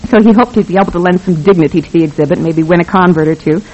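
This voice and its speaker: A narrator reads a novel aloud with a wry, even delivery at a middle pitch. The recording is dull and lo-fi. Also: very fast. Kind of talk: scripted audiobook narration.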